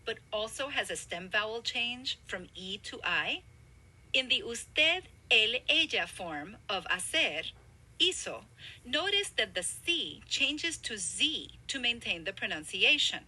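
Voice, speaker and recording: A woman narrating a scripted grammar lesson, explaining clearly with emphasis. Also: fairly high pitch, very animated, measured pace, bright, forceful tone, low-quality recording. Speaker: language instructor.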